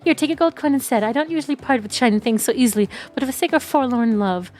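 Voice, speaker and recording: A woman's voice: high voice, quick pace, a little mellow, close to an everyday voice. A woman voicing a menacing, teasing female axe killer in a dating game.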